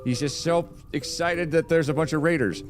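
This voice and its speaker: A man's voice: a little high, moderate pace, faint music behind. A man streaming a game live, chatting along as he plays, greeting viewers and talking to his cat. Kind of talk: live-streamed gameplay commentary.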